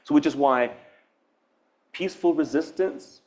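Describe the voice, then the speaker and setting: Here a man from Hawaii speaks at a fairly high pitch, a little slowly and a little mellow. In a university event space he gives a reflective, earnest public artist talk, drifting between ideas in a nonlinear way and often restarting and laughing.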